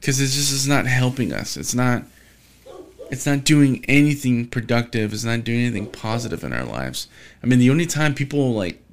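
A man's voice: mid-range voice, expressive, normal speed. A young man talking casually on his solo podcast, rambling in a frustrated, profane way and often restarting his sentences.

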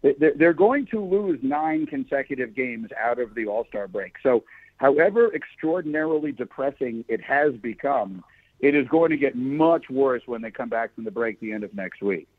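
A man's voice: medium pitch, animated, normal speed, no room sound. A man hosting a sports talk show, chatting casually and often restarting his sentences. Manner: thoughtful, frequent restarts. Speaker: sports podcast host. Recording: tinny phone-like sound.

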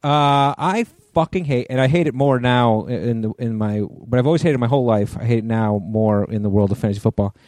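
A man's voice: medium pitch, fairly quick, few pauses, darkish tone, no room sound. Blunt, profane middle-aged man. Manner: blunt, profane, irritated ranting. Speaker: podcast co-host. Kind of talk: casual chat.

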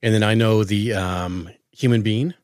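A man's voice: lowish voice, unhurried, dry recording, studio quality. A man co-hosting a podcast, chatting casually and enthusiastically. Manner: enthusiastic, lively interjections. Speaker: podcast co-host. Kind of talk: casual chat.

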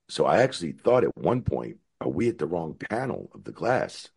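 Middle-aged American guest, very deep husky voice, animated storyteller who acts out quotes. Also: male voice, normal speed. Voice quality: very deep gravelly voice. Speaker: former wrestling referee, guest. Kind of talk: storytelling interview answer.

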